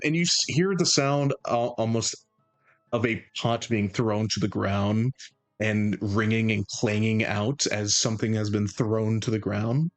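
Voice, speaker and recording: A man narrating a tabletop game as game master, in a halting way with many restarts. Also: fairly low pitch, soft background music.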